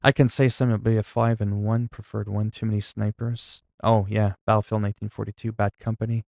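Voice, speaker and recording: A man's voice: fairly low pitch, flat delivery, brisk, creaky, darkish tone, dry recording, studio quality. A man chatting casually on a game livestream, rambling, joking and reading the chat aloud into a desk mic. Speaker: gaming livestreamer.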